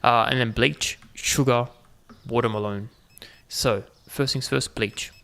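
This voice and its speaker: Gravelly-voiced man chatting over gameplay. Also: medium pitch, fairly even intonation, measured pace, fairly bright tone. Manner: chatty, joking asides to viewers. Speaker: gaming channel host. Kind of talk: casual gameplay commentary.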